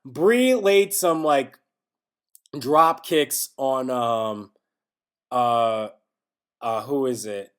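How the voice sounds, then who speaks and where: A man's voice: mid-range voice, very slow, pauses often, fairly bright tone, clean tone. A man hosting a casual wrestling review, rambling with lots of filler words and growing exasperated. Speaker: wrestling podcast host.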